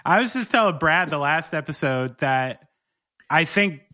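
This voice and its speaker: A podcast host man with a high, tense, bright voice. He chats loosely, cursing and joking about himself. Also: animated, a little slow. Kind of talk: casual podcast chat.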